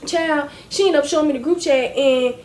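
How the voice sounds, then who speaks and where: A young woman with a high, bright voice tells a story to her viewers. She is casual and animated, addressing them as y'all, with a faint hiss behind her. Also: moderate pace. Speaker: storytime vlogger.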